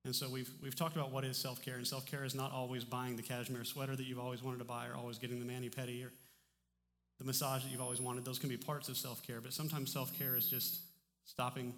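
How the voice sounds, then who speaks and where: A male pastor delivers a casual, conversational sermon, often stumbling and restarting his phrases. His mid-pitched voice carries a long reverb tail from the church hall around him. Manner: relaxed, conversational preaching with frequent restarts. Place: church sanctuary.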